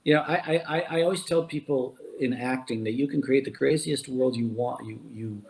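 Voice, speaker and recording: Guy voice actor chatting in an interview, stops and restarts a lot, mid pitch. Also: a little fast, vocal fry, a little mellow. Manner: hesitant, repeats words while searching for thoughts. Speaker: voice actor guest. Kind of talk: casual interview talk.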